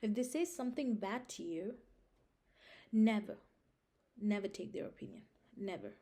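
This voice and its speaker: A young woman vlogs casual life advice directly to camera, her mellow voice at medium pitch and normal speed. She is emphatic, repeats her points, and often checks in with "Understand?"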